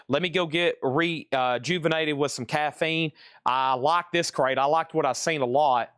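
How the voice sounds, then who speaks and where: A man's voice: fairly high pitch, moderate pace, fairly bright tone, smooth, dry recording, studio quality. A man hosting a live-streamed record sale, chatty and rambling as he runs through auctions. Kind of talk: live-stream sales patter.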